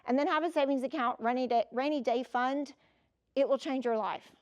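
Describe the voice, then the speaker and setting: Speaking fairly quickly in a high voice, a woman in her fifties delivers a motivational keynote full of personal stories, lively and conversational, talking straight to her listeners. The audio is dull.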